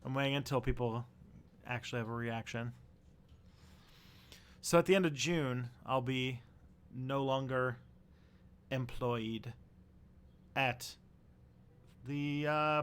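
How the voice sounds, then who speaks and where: A man's voice: mid-range voice, fairly bright tone, clear, resonant tone. A man hosting a casual live stream, chatting in a rambling, easygoing way to his viewers. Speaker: livestream host.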